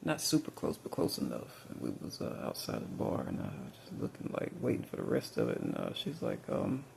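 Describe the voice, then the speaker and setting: Man, rambling storytelling, very gravelly voice, lively pitch, faint hiss behind. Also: fairly quick. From Mississippi. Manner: rambling, many fillers and restarts. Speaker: vlogger.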